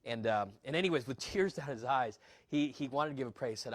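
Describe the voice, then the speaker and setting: A young adult man, a pastor preaching a sermon in a church, earnest, often restarting words and acting out quick asides. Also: mid-range voice, lively intonation, dry recording. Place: church sanctuary.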